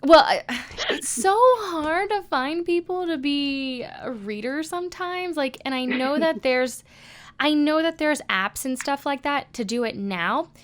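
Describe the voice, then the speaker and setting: A woman's voice: high-pitched, expressive, measured pace, few pauses. A woman co-hosting a podcast, chatting casually and animatedly, swearing now and then. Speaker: podcast co-host. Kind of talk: casual chat.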